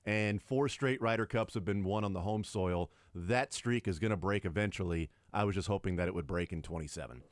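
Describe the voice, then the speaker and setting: A man's voice: deep voice, a little fast, hardly any pauses, no room sound. Man hosting sports radio, dry studio sound. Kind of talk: casual sports radio chat. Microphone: studio microphone.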